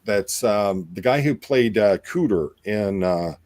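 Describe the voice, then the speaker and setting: A man's voice: fairly low pitch, animated, takes it slowly, darkish tone, no room sound. A man hosting a casual talk show, rambling with many fillers and restarts. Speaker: podcast host. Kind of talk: casual chat.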